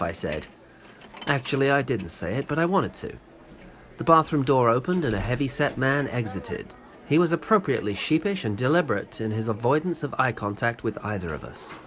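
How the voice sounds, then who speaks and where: English man, comic storyteller, wry and exasperated, mid-pitched, lively delivery. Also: brisk, slight background noise. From England. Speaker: narrator. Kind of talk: comedic storytelling narration.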